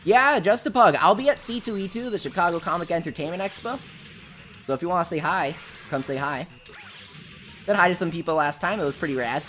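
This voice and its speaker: A woman from the United States hosts a laid-back gaming livestream, chatting warmly and reading viewer messages aloud. Her voice sits low for a woman. Faint game music plays quietly behind her. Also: brisk. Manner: chatty, reads chat aloud, gushes over pets. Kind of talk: casual livestream chat reading viewer comments.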